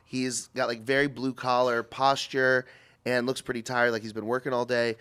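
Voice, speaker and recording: A man on a casual podcast, telling a story in a lively way and putting on high, mocking voices to quote people. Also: moderate pace, clean tone. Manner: animated, acts out quotes in high voices, laughs often. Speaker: podcast host.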